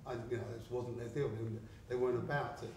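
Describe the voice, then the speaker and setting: A man's voice: mid-range voice, steady tone, quick pace, a little mellow. Rambling sweary man in an echoey gallery. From England. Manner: rambling, sweary, laughs often while telling stories. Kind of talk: casual gallery talk. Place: art gallery, indoors. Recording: very echoey room, mic far off, faint background noise.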